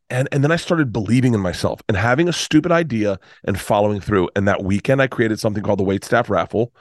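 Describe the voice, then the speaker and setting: A middle-aged comedian telling a rambling, emotional story in casual talk, swearing and restarting often. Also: male voice, fairly low pitch, dry recording, clean studio sound. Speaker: comedian guest.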